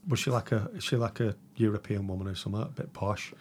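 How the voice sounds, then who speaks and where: A man's voice: fairly low pitch, steady tone, fast talker, a little mellow, a little hiss or hum. A man guesting on a podcast, chatting casually and prompting the host's stories. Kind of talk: casual chat.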